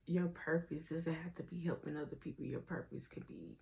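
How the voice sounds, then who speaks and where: A woman's voice: low-pitched, a little fast, vocal fry, a little mellow. A woman giving a casual tarot reading to her viewers. She uses slang, laughs often and speaks straight to the viewer. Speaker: tarot reader.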